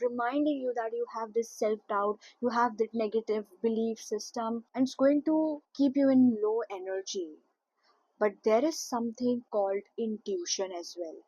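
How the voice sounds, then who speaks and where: A woman's voice: on the high side, darkish tone, husky, dry recording, dull audio. A woman speaking earnestly to her audience about spiritual growth, emphatic and repetitive as she stresses each point. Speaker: spiritual content creator. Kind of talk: spiritual guidance talk to camera.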